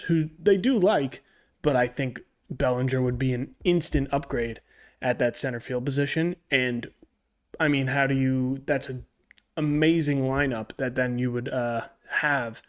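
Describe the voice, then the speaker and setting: A young man co-hosting a podcast, talking casually about baseball and often restarting his sentences. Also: mid-range voice. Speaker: podcast co-host. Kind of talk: casual sports chat.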